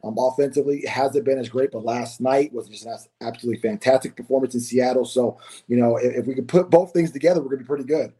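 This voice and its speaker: Mellow-voiced man, casual podcast guest. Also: mid-range voice, quick pace, breathy edge. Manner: relaxed, repeats words while thinking. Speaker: guest, former college basketball player. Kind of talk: casual interview.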